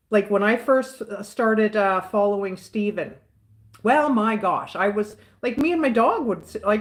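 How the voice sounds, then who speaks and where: A woman with a Southern US accent chatting casually with her live viewers, outspoken and rambling, often repeating herself. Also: fairly high pitch. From Southern United States. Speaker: livestream host answering chat.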